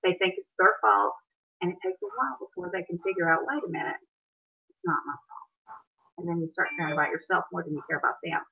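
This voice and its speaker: A woman hosting a live stream, calmly explaining and coaching her guest. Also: fairly low pitch, fast talker, phone-quality sound, slight background noise. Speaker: stream host and counselor. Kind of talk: educational live-stream talk.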